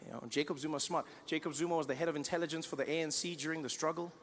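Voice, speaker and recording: A South African man doing live stand-up in a large venue, animated and quick to slip into voices. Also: fairly high pitch, a little hiss or hum. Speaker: stand-up comedian.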